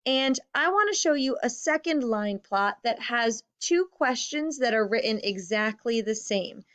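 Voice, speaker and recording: A woman teaching a recorded math lesson to fifth graders, patient, stressing key words and counting slowly. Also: a little high, animated, fairly bright tone. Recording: slightly dull lo-fi audio.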